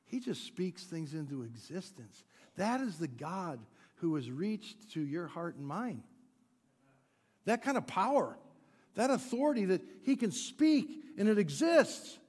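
A man with a high, light voice preaches a sermon in a church sanctuary, his words trailing off into a long hall echo. He rises to loud, emphatic declarations, then sinks to hushed, low lines. Between them he drops playful, chuckling asides to the congregation. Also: sing-song, a little slow. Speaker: pastor.

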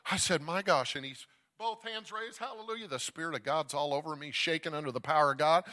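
Exuberant Texan evangelist, bright and loud. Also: male voice, a little high, fairly quick. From Dallas, Texas. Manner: exuberant, calls out to the crowd, storytelling. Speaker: guest evangelist preacher. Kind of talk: energetic Pentecostal sermon. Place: church sanctuary.

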